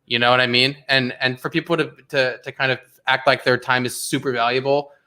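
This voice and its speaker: Bright-voiced young man ranting on stream. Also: mid-range voice, brisk. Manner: animated, rambling with many fillers and restarts. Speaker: streamer hosting a watch party. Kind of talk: casual livestream chat.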